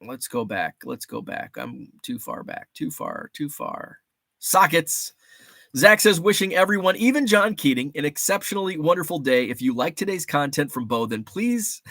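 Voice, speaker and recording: A man telling a loose, easygoing story on his livestream, laughing often and stopping to read viewers' comments. His voice sits at an ordinary middle pitch. The sound is dry and close, with no room echo. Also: big pitch swings, moderate pace, a bit bright. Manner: rambling, chatty, laughs often, reads chat aloud. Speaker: livestream host. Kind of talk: casual livestream chat.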